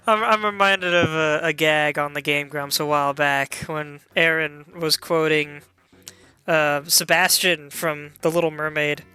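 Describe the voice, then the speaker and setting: A man chatting casually while playing a game, joking about his own slips. His voice is bright and sharp, with faint game music running underneath. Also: on the high side, fairly even intonation, takes it slowly, long pauses, clear, resonant tone. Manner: chatty, self-deprecating, laughs at own slips. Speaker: let's play host.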